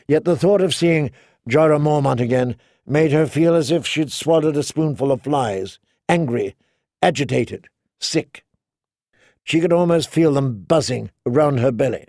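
A man narrating a fantasy novel as an audiobook, with measured, even storytelling. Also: mid-range voice, gravelly, no room sound, clean studio sound. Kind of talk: scripted narration.

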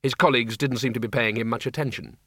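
A man's voice: mid-range voice, fairly even intonation, fast talker, bright, forceful tone, slightly rough, no room sound, studio quality. A man narrating a comic fantasy audiobook in a wry storytelling manner.

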